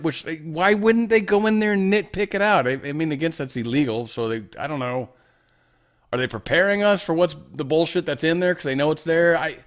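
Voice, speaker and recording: A man hosting a news commentary show, in animated, jokey talk that swings between loud remarks and soft asides. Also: on the high side. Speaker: show host.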